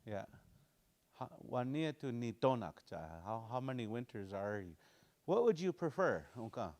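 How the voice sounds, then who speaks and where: Male language teacher, mid-pitched voice, relaxed and folksy, slowly drills phrases aloud. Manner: casual, folksy explanations. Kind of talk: language class.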